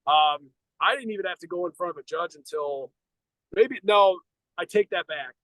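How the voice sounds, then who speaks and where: A man's voice: high voice, animated, moderate pace, fairly bright tone, dry recording, poor audio. A middle-aged American man, a podcast co-host, telling a long personal story in a blunt, profane, rambling way with many restarts. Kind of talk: casual storytelling.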